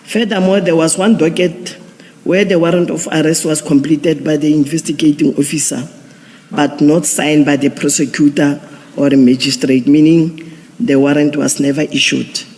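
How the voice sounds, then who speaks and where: A man, a police general giving formal testimony at an inquiry, measured and procedural with frequent restarts. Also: on the high side, steady tone, darkish tone. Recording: long hall reverb.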